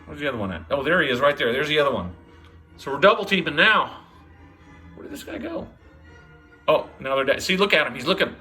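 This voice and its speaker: A man's voice: on the high side, quick pace, pushed and bright, soft background music. A man casually commenting on squirrels and birds in his back yard, amused and chatty, sometimes putting words in the animals' mouths. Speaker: backyard nature vlogger. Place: home by a back yard window.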